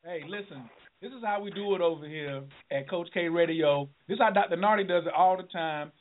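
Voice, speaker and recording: A high-voiced man hosts a call-in radio show, excitable and preachy, whooping and laughing as he talks. His voice comes through a tinny phone line. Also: fairly quick. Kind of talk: lively call-in radio talk.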